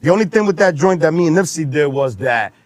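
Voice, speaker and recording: A man's voice: fairly high pitch, quick pace, dry recording. A middle-aged man from Queens with a New York accent, telling a story in a loose, slangy way and acting out what others said. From Flushing, Queens, New York. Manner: animated, slangy, acts out quotes in other voices. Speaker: guest rapper. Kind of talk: casual storytelling.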